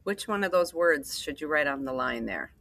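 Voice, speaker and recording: A woman teacher reading a story aloud and slowly explaining vocabulary words with patient repetition. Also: deep voice, animated, gravelly, fairly bright tone, dry recording.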